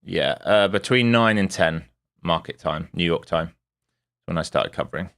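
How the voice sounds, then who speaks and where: A man's voice: deep voice, normal speed, fairly bright tone. A man hosting a live trading stream, thinking aloud over his charts in a casual, rambling way, greeting viewers by name and correcting himself as he goes. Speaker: day trader and stream host.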